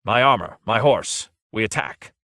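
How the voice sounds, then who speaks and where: A man reading aloud, voicing a wrathful, frantic male warlord who shouts commands. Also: on the low side, expressive, measured pace, no room sound, studio quality, full character voice. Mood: commanding.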